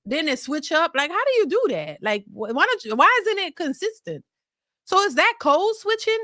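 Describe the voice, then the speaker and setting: Woman reaction host, high and bright, blunt and questioning, dry close sound. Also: no echo. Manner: blunt, fires rhetorical questions. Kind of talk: casual commentary reacting to a clip.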